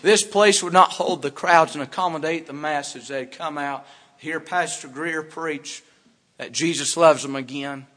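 A man preaches a fervent sermon from the pulpit, swinging from hushed warnings to loud, emphatic outbursts. His voice sits a little high for a man. The church sanctuary adds a long, ringing reverb. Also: unhurried. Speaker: pastor.

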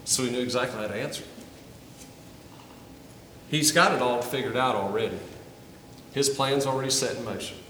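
A man's voice: medium pitch, normal speed, pauses often, fairly bright tone, a little hiss or hum. Male pastor, earnest sermon delivery with repeated starts; recorded from far back in a roomy hall. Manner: earnest, repeats words when starting phrases. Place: church sanctuary.

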